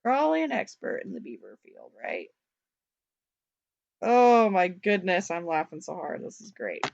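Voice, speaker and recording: A woman co-hosting a casual chat show, animated and quick to exclaim and laugh loudly. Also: deep voice, gravelly, husky, no room sound. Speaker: podcast co-host. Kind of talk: casual chat, reading a news item aloud. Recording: dull lo-fi podcast audio.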